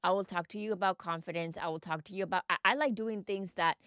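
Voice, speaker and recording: An earnest woman hosting a podcast, her voice smooth and fairly low for a woman. She speaks directly to her listeners and keeps asking them questions in an encouraging way. The sound is close and dry. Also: quick pace, a bit bright, dry recording. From United States. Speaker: podcast host and mindset coach. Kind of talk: reflective podcast monologue.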